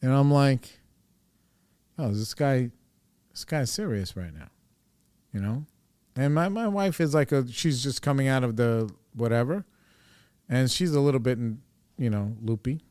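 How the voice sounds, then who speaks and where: A man's voice: medium pitch, animated, a little slow, pauses often, darkish tone, smooth, no echo, clean studio sound. A man hosting a podcast, telling a personal story in a casual, rambling way, full of fillers and swearing. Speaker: podcast host.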